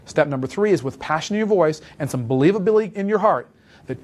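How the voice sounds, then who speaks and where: A man's voice: a little high, expressive, fast, a little mellow. A man giving a sales training talk, coaching listeners step by step and acting out short sample phone calls in a direct, emphatic manner. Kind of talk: instructional talk with role-played phone calls.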